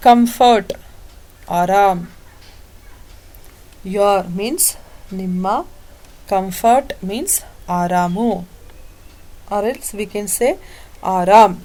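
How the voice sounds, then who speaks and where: A woman with a Kannada accent, a native Kannada speaker, teaches a vocabulary lesson. She repeats each word and gives its Kannada meaning, with the odd slip. Her pitch sits in the middle for a woman. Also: normal speed, pauses often, dark tone.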